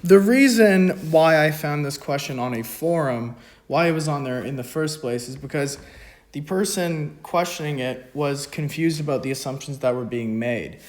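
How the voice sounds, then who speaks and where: Speaking at a moderate pace in a fairly high voice, this man tutors economics on video. He walks through a math problem casually, dropping jokes at his own expense between the steps.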